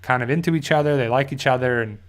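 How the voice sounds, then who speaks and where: A man in the middle of a casual recap, his voice sitting at an ordinary pitch. He rambles along with lots of fillers and restarts, slipping briefly into the characters' lines as he retells the scenes. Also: fast. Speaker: host of a TV review channel.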